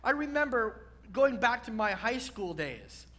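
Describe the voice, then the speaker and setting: A man's voice: extremely high pitch, sing-song, measured pace, bright, forceful tone. A man, a rabbi, preaching a sermon to a congregation, repeating key words and building to emphatic peaks.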